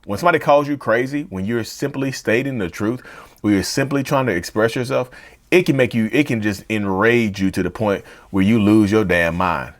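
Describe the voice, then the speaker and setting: A man hosting a mental health channel, talking straight to his viewers in an animated way and rephrasing each point several times. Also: lowish voice, moderate pace. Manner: addresses viewers as "y'all". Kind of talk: direct-to-camera talk.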